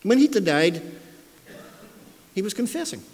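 A man's voice: high voice, sing-song, measured pace, darkish tone. Emphatic male preacher in a reverberant hall. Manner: emphatic, repeats key phrases for stress. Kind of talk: sermon.

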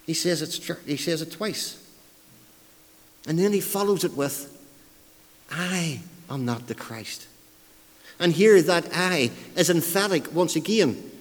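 A man delivers a sermon with an emphatic, repetitive style, driving home his points and dropping in wry asides about himself. His voice sits a little high for a man. The sound rings with the long reverb of a large hall. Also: a little slow. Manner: emphatic, repeats key phrases for stress. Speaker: preacher.

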